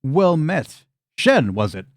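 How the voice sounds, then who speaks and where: A man's voice: on the high side, very animated, slow pace, pitched above the performer's own voice. A man doing a hearty giant gnome. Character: giant manly friendly male gnome.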